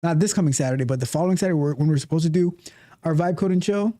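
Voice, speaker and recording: A man's voice: on the high side, racing, dark tone. A man hosting a casual coding livestream, reading out viewer comments and talking animatedly, often repeating and restarting his phrases. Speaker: livestream host, coding coach.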